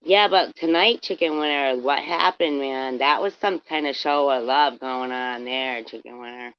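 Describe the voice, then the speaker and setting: A woman's voice: a bass voice, measured pace, clear, resonant tone, dry recording. A woman live-streaming, chatting casually with her viewers, rambling and swearing as she tells a story and greets people in the chat by name. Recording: dry, dull lo-fi stream audio.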